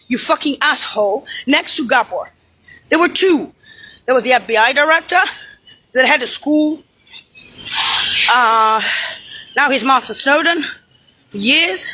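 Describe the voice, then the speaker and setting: A woman's voice: sits high, pushed and bright, low-quality recording. A woman delivering an angry, profane, rambling monologue, hurling insults and pointing things out on screen. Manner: points at something on screen while talking.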